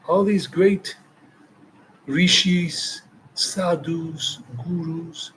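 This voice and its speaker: A man's voice: on the high side, a little hiss or hum, rough recording. A man from the United States, a travel vlogger answering viewer questions live, talking emphatically and repeating phrases for stress. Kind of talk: live Q&A chat.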